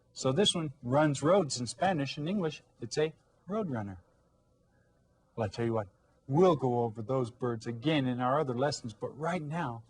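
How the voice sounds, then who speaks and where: A man with a husky, breathy voice teaching young children, patient and encouraging. He explains each word slowly and asks the class to repeat after him. His pitch sits mid-range for a man. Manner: patient, encouraging, prompts kids to repeat words. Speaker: Spanish teacher. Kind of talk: recorded elementary language lesson.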